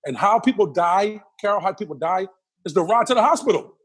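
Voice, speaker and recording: A husky, slightly high-voiced middle-aged man talks at a rapid clip as an interview guest. He tells his stories vividly, repeating phrases for emphasis and acting out the people in them. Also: lively intonation. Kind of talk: animated storytelling in a casual interview.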